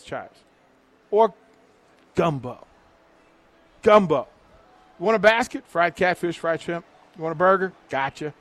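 A middle-aged man whose voice sits high and a bit bright hosts a radio remote live from a restaurant patio. He reads the sponsor's menu with punchy, hype-building energy.

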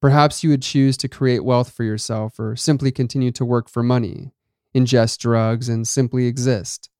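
A serene, otherworldly woman in white, voiced by a male narrator, asks her questions in a calm, measured way that can turn stern. The voice is smooth and the sound is dry and close. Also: mid-range voice, no echo, lightly acted.

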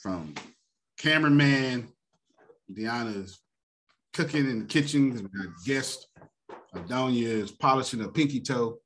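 A man hosting a motivational finance talk, animated and preacher-like, often laughing. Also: mid-range voice, a little slow, long pauses, slight background noise. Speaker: host.

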